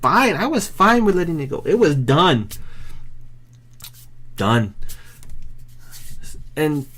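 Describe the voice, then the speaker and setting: A man's voice: on the high side, sing-song, takes it slowly, a bit bright, husky. A man talking straight to camera in a casual, rambling vlog, self-deprecating and often restarting his sentences. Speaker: vlogger.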